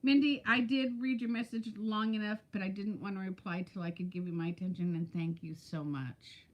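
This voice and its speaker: A woman's voice: medium pitch, steady tone, normal speed, darkish tone. Fifty-something lady chatting on a livestream, telling a story, saying hi to folks as they come in. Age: 50s. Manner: chatty, storytelling, greets viewers by name. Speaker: weight-loss vlogger. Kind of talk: casual live-stream chat.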